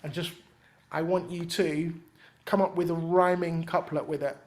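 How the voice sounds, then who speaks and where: A man with a slightly high voice teaches a rap workshop in a relaxed, chatty way. He drops in rhythmic examples and often pauses on "um". It sounds like an easygoing class. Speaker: workshop leader and rapper. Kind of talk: casual teaching talk.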